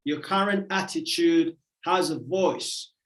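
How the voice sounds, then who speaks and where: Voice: medium pitch, slow. A motivational speaker giving a livestream talk, emphatic and repetitive in a preacherly way. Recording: roomy echo.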